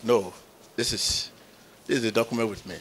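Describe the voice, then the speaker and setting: A pastor, a middle-aged man, is addressing his congregation. He tells a story with lively swings and bursts of loud exclamation. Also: lowish voice, normal speed, slight background noise. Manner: animated storyteller who acts out quotes with sudden loud exclamations. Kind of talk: preaching, telling a story to a congregation.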